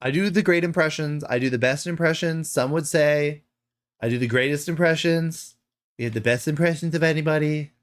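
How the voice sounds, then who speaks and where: A man's voice: on the high side, fairly quick, pitched above the performer's own voice, natural voice. A man putting on an impression of a boastful male politician who speaks in grand superlatives. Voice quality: repetitive superlatives, pompous.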